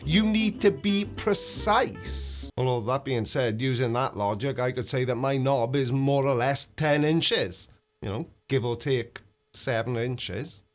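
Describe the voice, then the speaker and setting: A man's voice: mid-range voice, measured pace, soft background music. A man hosting a reaction video, mocking and sarcastic in his commentary.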